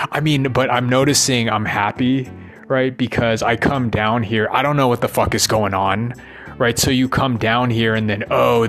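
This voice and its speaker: A man's voice: mid-range voice, fairly bright tone. A man venting in a rambling monologue, swearing often and tagging his thoughts with questions to the listener. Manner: profane, ranting, keeps asking "right?".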